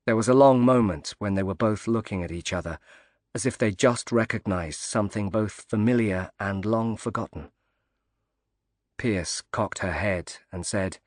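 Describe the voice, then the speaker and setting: Low-voiced male audiobook narrator. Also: animated, moderate pace, no room sound, studio quality.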